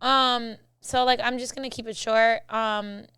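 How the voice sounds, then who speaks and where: Bright-voiced brash woman podcaster. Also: on the high side, fairly even intonation, unhurried, clear, resonant tone, no room sound. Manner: brash, profane, jokey. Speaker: podcast co-host. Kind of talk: casual chat.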